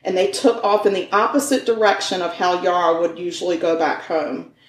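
Low-voiced woman telling a crime story. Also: fairly even intonation, brisk, distant mic. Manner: chatty, folksy asides, stumbles over names. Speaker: podcast co-host. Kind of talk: casual true-crime storytelling. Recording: echoey room.

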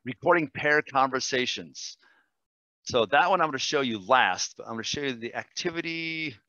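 A man, a language teacher, demonstrating software in a webinar, enthusiastic and quick, with fillers and self-corrections. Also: medium pitch, dry recording, highs cut off. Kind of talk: screen-share webinar demo.

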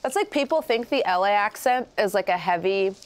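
A woman from Southern California chatting casually while painting miniatures, animated and swearing freely. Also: mid-range voice, fairly quick, slight background noise. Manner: animated, swears freely, acts out quoted voices.

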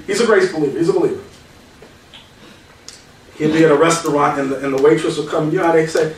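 A man preaching as a pastor in a conversational teaching style, with a fairly high voice. The room is very echoey and he sounds set back from the microphone, with faint noise underneath. He moves between quoted scripture and casual stories. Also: quick pace, long pauses. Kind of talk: verse-by-verse Bible teaching. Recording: echoey hall, mic at a distance.

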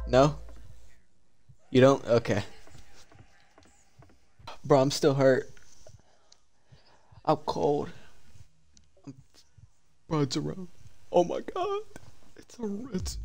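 A young man streaming a horror game, talking in casual slang and switching from low mutters to sudden yelps. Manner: animated, slangy, jumps from mumbles to yelps. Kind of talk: live horror game commentary.

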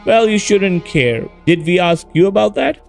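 A man's voice: sits high, expressive, moderate pace, vocal fry, a little mellow, soft background music, pitched above the performer's own voice. A man reading a snide circus woman. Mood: mocking. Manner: snide, taunting. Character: rude, mocking circus woman.

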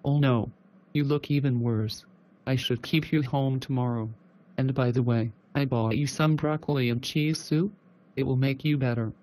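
A synthetic male text-to-speech voice playing a fussy, gullible mother in a cartoon, with a flat, even delivery. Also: medium pitch, normal speed, lightly acted. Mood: concerned.

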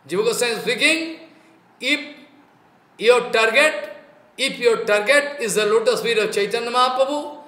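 A man's voice: high-pitched, sharp tone. A man with an Indian English accent giving an impassioned devotional sermon, repeating phrases for emphasis. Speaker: spiritual teacher. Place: online talk in an echoey room. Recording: echoey room sound.

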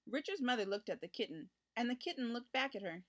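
A woman reading a children's picture book aloud, with expressive, lively storytelling for young listeners. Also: a little high, fast, dull audio. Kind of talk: children's read-aloud narration.

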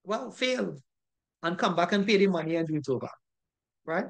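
An instructor with a Trinidadian accent teaching a recorded online class. The delivery is emphatic and scolding, hammering the same points over and over and checking in with a constant tag question. The voice sits at a middling pitch. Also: quick pace. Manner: emphatic and scolding, repeats points, ends with "right?". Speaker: safety course instructor.

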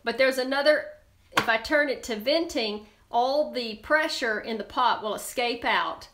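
A woman's voice: fairly high pitch, measured pace, reverberant, background noise. A woman hosting a live cooking demonstration, chatty and bubbly as she talks straight to her viewers in a kitchen. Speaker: cooking show host.

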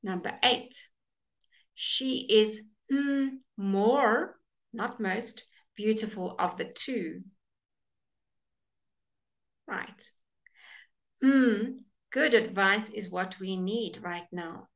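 Unhurried female teacher walking a class through grammar answers, muffled stream sound. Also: mid-range voice, creaky. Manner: slow, patient, explaining with repeated "okay?" checks. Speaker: English teacher. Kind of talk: live online grammar lesson.

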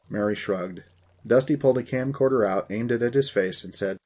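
A man's voice: lowish voice, fairly quick, a little mellow. A man in his forties hosting a story podcast, reading the narration in a dry, wry manner.

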